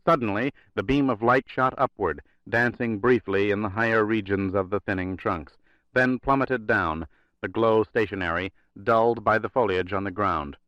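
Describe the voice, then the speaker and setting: Male audiobook narrator, low voice, steady measured thriller reading, dry dull sound. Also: no room sound. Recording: dry, slightly dull recording.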